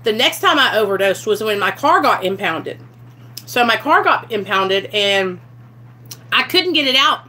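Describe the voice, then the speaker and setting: A woman's voice: medium pitch, expressive, a little slow, sharp tone. A young woman telling a raw personal story to her camera, blunt and candid, swearing freely. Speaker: vlogger sharing her recovery story.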